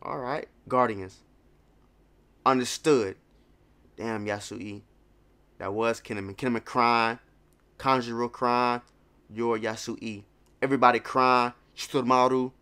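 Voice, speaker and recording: A man's voice: medium pitch, steady tone, unhurried, long pauses, pushed and bright, clear, resonant tone. A man hosting a live manga reaction, talking casually and animatedly as he reads panels aloud and exclaims at them. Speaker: manga reaction video host.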